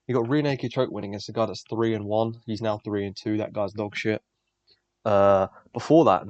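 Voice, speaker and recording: A man's voice: lowish voice, dry recording. A young man, the host, giving blunt, profane, rambling fight predictions in casual solo commentary. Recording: dull lo-fi dry recording.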